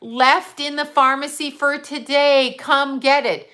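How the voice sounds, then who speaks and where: A woman imitating a chirpy female pharmacy announcer on a store intercom, in a sing-song sales-pitch voice. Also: fairly even intonation, slow pace, bright, forceful tone, full character voice.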